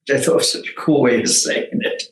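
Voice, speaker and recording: An older man, a former tech executive, telling lively stories in an interview, laughing at his own anecdotes and acting out the quotes. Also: a little fast, reverberant, rough recording.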